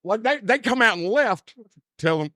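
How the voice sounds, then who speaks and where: A man's voice: high-pitched, animated, normal speed, bright, forceful tone, no echo, clean studio sound. A man, hosting a podcast and rambling through a story in casual chat, full of "dude" and "like.". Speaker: podcast host.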